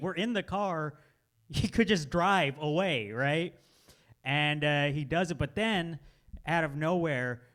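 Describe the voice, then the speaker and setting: A man's voice: on the high side, a bit bright. Laughing stand-up man telling a story. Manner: laughs through his own story, drops to mutters for quotes. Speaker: stand-up comedian.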